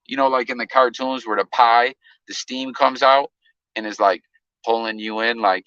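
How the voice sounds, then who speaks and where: A man's voice: lowish voice, normal speed, sharp tone, dry recording, dull audio. Laid-back rambling man on a live stream. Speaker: livestream host. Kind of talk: casual live chat. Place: in a car on the highway. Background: wind.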